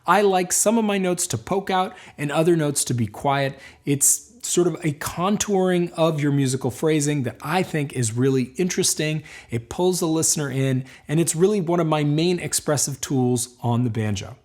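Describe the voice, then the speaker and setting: A man teaching a banjo lesson, explaining and encouraging in a calm, clear way. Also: a little high, moderate pace, hardly any pauses. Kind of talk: instructional lesson.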